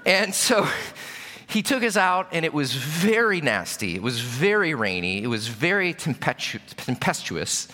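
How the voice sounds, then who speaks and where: A man preaching a sermon, telling stories with sudden shouts and hushed drops. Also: a little high, sing-song, a little slow. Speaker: pastor. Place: church sanctuary. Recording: reverberant church hall. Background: long hall reverb.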